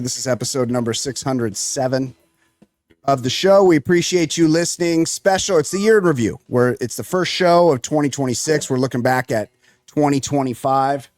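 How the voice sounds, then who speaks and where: A man's voice: mid-range voice, moderate pace, a little mellow, soft background music. A man hosting a comedy podcast with upbeat, jokey, rambling talk. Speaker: podcast host. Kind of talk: casual comedy podcast chat.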